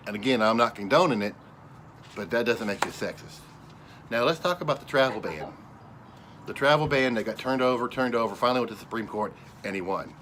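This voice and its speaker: A man in a fired-up monologue, scolding his audience and getting louder as he goes. His voice sits at an ordinary pitch, with a drawling, casual way of talking. A faint hiss of background noise runs under the recording. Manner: angry, combative, addresses viewers directly. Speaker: political commentator. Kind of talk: ranting monologue to camera.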